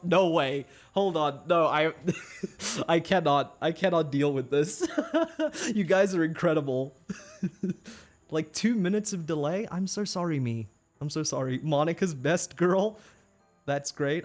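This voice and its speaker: A man live-streaming a game who chats with viewers, laughs often and stammers when he gets flustered. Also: a little high. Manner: giggly, excitable, laughs often. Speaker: livestreamer. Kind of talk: casual live-stream chat, reading chat aloud.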